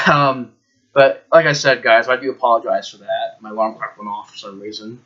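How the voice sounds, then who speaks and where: A man's voice: medium pitch, flat delivery, normal speed, bright, forceful tone, muffled recording. A man giving a casual, rambling movie review, emphatic and full of fillers.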